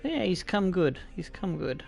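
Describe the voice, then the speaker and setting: A high-pitched Australian man narrates his racing game, cheering on the car and swearing at his laps. Between laps his talk is slow and unhurried. Faint music plays behind him. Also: creaky. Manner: animated, swearing, talks to the car. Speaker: gaming video creator. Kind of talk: excited racing game commentary.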